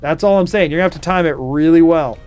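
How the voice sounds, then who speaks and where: A man's voice: fairly high pitch, clean tone, soft background music. A man streaming a video game live, reacting with playful mock outrage and chatting with his viewers. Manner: animated, mock outrage, quick asides to chat. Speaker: gaming streamer. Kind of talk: live gameplay commentary.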